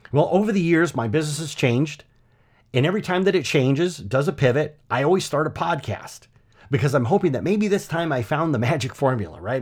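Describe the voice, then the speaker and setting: A middle-aged man hosting his own podcast, telling a personal story in a chatty, animated way with lots of asides. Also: medium pitch. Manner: conversational, animated storytelling with frequent "you know" and "right?". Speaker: podcast host.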